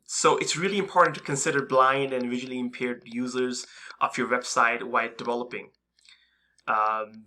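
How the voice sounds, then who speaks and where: Bright-voiced man teaching coding casually. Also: mid-range voice. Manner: casual, hesitant, many fillers and restarts. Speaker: coding instructor. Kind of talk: screen-recorded coding tutorial.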